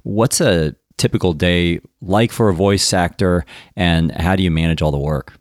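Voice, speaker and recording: A man's voice: low voice, normal speed, dry recording, clean studio sound. An American man hosting an interview, asking friendly, curious questions. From United States. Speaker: interview host. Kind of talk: casual interview chat.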